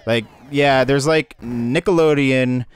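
A man's voice: medium pitch, fairly even intonation, slow pace, a little hiss or hum. A young man co-hosting a casual let's play, wry and laid-back. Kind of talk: casual gaming chat. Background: faint game music.

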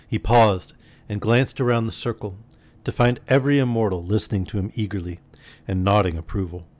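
A man reading a classic story aloud as a bedtime storyteller, steady and expressive. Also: on the low side, fairly quick.

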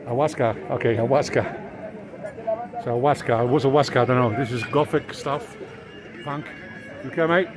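An Englishman talks casually to a handheld camera as he strolls through an outdoor street market, pointing out stalls and chatting with sellers. His voice sits at an ordinary middle pitch, and thick crowd chatter with passing traffic fills in behind him. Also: moderate pace, pauses often. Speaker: vlogger. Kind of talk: casual walking vlog.

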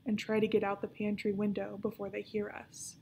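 A sharp-witted young girl in a storybook, whispering high and indignant and quick to protest, as a woman reads her. The tone is dark and gravelly. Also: monotone, slight background noise, close to an everyday voice. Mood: urgent whisper.

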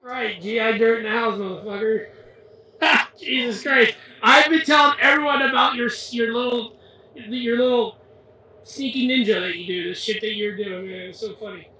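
Excitable man on a cheap echoey mic. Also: extremely high pitch, moderate pace, distant mic. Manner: excitable, swearing, laughing storyteller. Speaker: fellow player on voice chat. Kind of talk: casual gaming chat. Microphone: cheap desktop mic.

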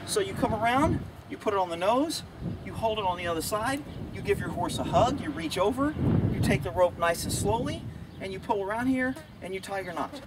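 A man demonstrating horse handling outdoors as a trainer, blunt and folksy, talking gently to his horse between steps. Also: high voice, lively intonation, a little fast. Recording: distant camera audio, loud outdoor noise.

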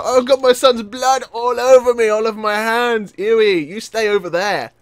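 A young man giving live gameplay commentary, excitable and yelping and laughing as things go wrong. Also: high-pitched, normal speed, few pauses. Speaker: gaming channel host.

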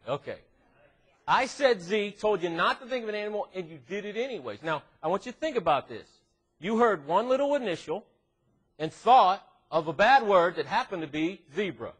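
A man leads a church youth devotional, joking and teasing the teens as he goes. His voice is a bit husky, and his pitch swoops widely from low mutters to high, excited exclamations. The sound is slightly distant, picked up in a room. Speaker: youth minister. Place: church classroom.

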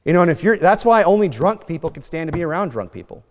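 A man preaching a sermon in a relaxed, joking way, sometimes mocking other people's voices. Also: on the high side, fast, slight background noise. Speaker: pastor. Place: church sanctuary. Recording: long hall reverb.

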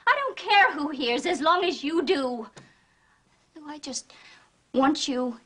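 A pleading gangster's wife. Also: female voice, sits high, animated, slow, fairly bright tone, exaggerated voice. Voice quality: earnest, pleading. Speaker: actress in a crime film. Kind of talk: 1970s film acting.

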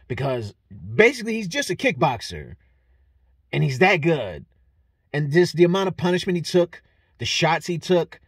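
A man giving a casual, animated fight breakdown, swearing freely and laughing often. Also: on the high side, slightly rough, no room sound, clean studio sound. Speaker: fight analyst vlogger.

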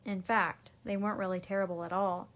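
A woman, a teacher, reading a children's storybook aloud in an unhurried way, with small slips and restarts. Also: medium pitch, level tone, a bit bright.

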